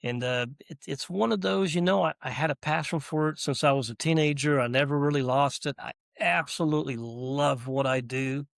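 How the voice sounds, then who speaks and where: Animated man telling his story. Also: fairly high pitch, normal speed, vocal fry, hardly any pauses, no echo, clean studio sound. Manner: animated, acts out dialogue, chuckles often. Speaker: small business owner, podcast guest. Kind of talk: casual interview storytelling.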